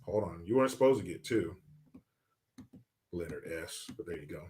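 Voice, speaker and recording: A man's voice: low-pitched, animated, moderate pace, pauses often, noisy background. A man hosting a livestream with political commentary, mocking and swearing as he talks. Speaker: livestream host.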